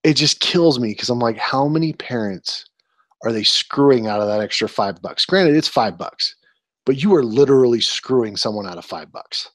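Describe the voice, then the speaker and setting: A man's voice: mid-range voice, expressive, normal speed, no room sound. Man ranting in a dry podcast room. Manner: ranting, exasperated storytelling. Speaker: podcast co-host. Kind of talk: casual podcast chat.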